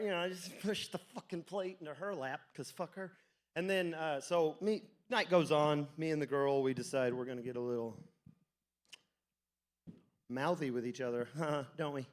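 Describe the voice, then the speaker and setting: High-voiced man doing crude stand-up. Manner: crude, rambling storytelling with frequent laughs and swearing. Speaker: stand-up comic. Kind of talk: stand-up comedy set. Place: comedy club stage.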